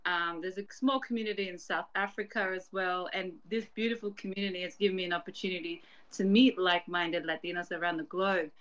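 A woman's voice: on the low side, fairly even intonation, fairly quick, few pauses, fairly bright tone, lo-fi sound. A woman from Australia with an Australian accent, a podcast guest speaking in a thoughtful, earnest way. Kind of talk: casual podcast chat.

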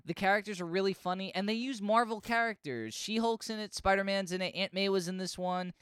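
A man's voice: high-pitched, fairly even intonation, brisk, fairly bright tone, smooth, dry recording, studio quality. A man chatting casually as a podcast co-host, rambling and enthusiastic. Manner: enthusiastic, rambling, full of fillers. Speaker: podcast co-host reviewing comics. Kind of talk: casual chat.

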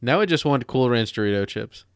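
A man of mid pitch co-hosting a podcast, gushing enthusiastically with plenty of swearing. His voice is recorded dry and close. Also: lively intonation, clean tone, dry recording. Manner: enthusiastic, profane, fast-flowing tangents. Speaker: podcast co-host. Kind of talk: casual podcast banter.

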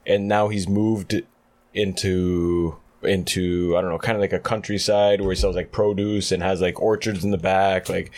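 A man telling a story in a relaxed podcast chat. He laughs easily and jumps up high and loud when he acts out the people in his story. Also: normal speed. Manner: animated storyteller, acts out quotes loudly, laughs often. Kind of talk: casual chat.

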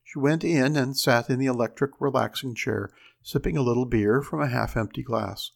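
Gravelly male storyteller. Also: mid-range voice, moderate pace. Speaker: narrator. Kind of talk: story reading.

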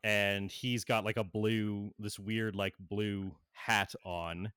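A young man narrating a tabletop game over an online call, hesitant and rambling, with plenty of ums. His voice is low and unhurried. The sound is dry and close to the mic. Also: flat delivery, a bit bright, clean tone, no room sound. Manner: rambling, hesitant, many fillers. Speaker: game master.

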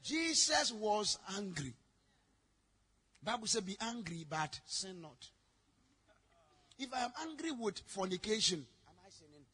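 A man preaching a sermon, telling stories with sudden shouted lines. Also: high voice, very animated, a little slow, long pauses, breathy edge. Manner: dramatic storytelling, bursts into shouting. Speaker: pastor.

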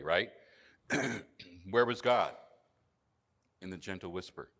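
A male pastor preaching a sermon in an earnest manner, often dropping to a soft, low voice for emphasis. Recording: church hall reverb.

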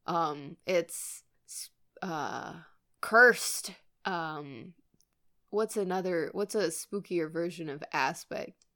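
A woman's voice: on the low side, bright, forceful tone. A woman co-hosting a casual chat, playful and laughing often. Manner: giggly, unhurried, playful. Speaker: podcast co-host.

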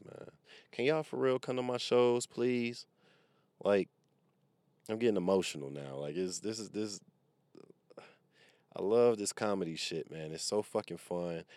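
Very deep-voiced man. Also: a little mellow, no echo. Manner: profane, rambling, wisecracking. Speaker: comedian and podcast host. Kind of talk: casual rambling monologue. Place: parked car. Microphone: microphone.

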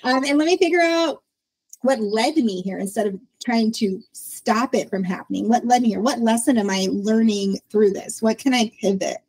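Reflective woman with a mellow voice. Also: mid-range voice, normal speed, hardly any pauses, husky, poor audio. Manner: reflective, laughs often, quotes herself in lively voices. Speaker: podcast host. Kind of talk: casual conversational interview.

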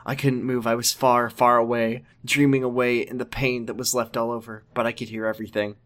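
A man co-hosting a comedy podcast, reading aloud in a mock-solemn hush and breaking into giggles. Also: mid-range voice, little pitch movement, brisk. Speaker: podcast co-host.

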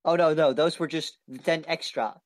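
A man's voice: a little high, steady tone, normal speed. A man in casual tabletop game chat, using a slightly posh voice, eager and full of rules questions. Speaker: player.

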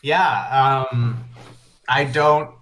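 A man guesting on a podcast as a film director, modest and quick to laugh. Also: medium pitch, fairly bright tone. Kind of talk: casual interview chat.

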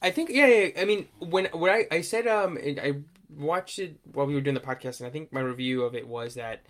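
A man co-hosting a podcast, chatting casually about films and acting out lines in loud voices. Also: on the high side, brisk. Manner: animated, quotes movie lines in loud put-on voices, swears often. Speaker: podcast co-host. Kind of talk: casual film chat.

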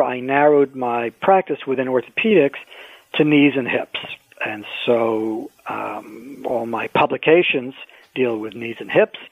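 A man, an orthopedic surgeon, telling wry stories in a measured way as a guest in an interview. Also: mid-range voice, vocal fry, slightly rough, no room sound. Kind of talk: phone-in interview, storytelling. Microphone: telephone. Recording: tinny phone line.

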